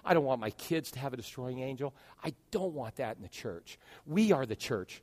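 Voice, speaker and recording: A man in his fifties preaching a sermon as pastor, swinging from hushed, quiet lines to loud, rising ones. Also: medium pitch, animated, brisk. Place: church sanctuary. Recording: long reverb of a large church hall.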